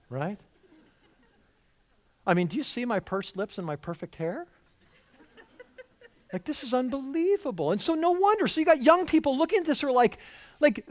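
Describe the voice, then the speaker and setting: A man preaching a sermon as a church pastor, animated, with frequent restarts and acted-out quotes. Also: extremely high pitch, normal speed, long pauses. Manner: animated, voices quotes with rising emphasis and repeated restarts. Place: church sanctuary.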